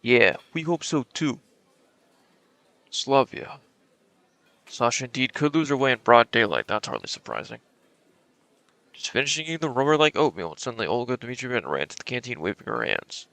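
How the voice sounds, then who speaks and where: A man's voice: medium pitch, big pitch swings, moderate pace, creaky, pauses often, a bit bright, dry recording. A young man streaming, reading a visual novel aloud dramatically and adding joking asides.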